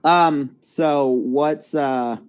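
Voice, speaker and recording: A man running a tabletop game as dungeon master, casual and full of fillers, quick to laugh. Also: fairly high pitch, clear, resonant tone.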